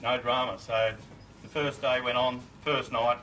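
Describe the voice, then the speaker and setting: A man's voice: mid-range voice, flat delivery, a little slow, bright, forceful tone. Man, middle-aged, casual birthday speech, chuckling, distant mic, noisy shed. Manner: laid-back storytelling with chuckles and slang. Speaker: family friend giving a birthday speech. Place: party in a shed. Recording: far from the mic, noisy room.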